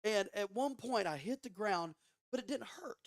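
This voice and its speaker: A man guest on a podcast telling a story in a casual, animated way, swearing often and restarting his sentences. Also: sits high, moderate pace, dry recording, studio quality. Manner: animated, profane, frequent restarts. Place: studio.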